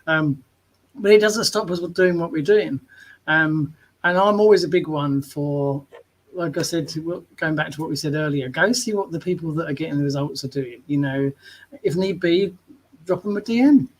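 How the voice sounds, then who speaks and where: A man's voice: on the high side, moderate pace, low-quality recording. A man co-hosting a live online show, chatting casually and retelling stories with lots of asides. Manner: chatty storyteller, retells scenes in quoted voices. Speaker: co-host of a live marketing show. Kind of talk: casual chat.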